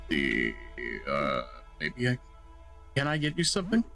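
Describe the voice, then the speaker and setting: A male streamer mutters quiet, casual asides while he plays a horror game, then reads his chosen questions aloud. His speech is lively in pitch, and faint music plays behind him. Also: a little fast. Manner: low, muttering asides while choosing options. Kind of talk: casual let's play commentary.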